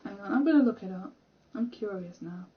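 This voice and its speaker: A young British gaming streamer chats and rambles casually while playing a game at home, laughing at herself along the way. Her medium-pitched voice is lively, fairly quick and slightly rough, heard through narrow, tinny audio.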